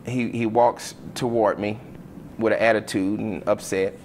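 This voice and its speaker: A man's voice: lowish voice, measured pace, a little hiss or hum. A man who works as a school coach, retelling an incident in an interview and acting out the quotes. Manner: animated retelling, acts out quotes. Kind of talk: interview storytelling.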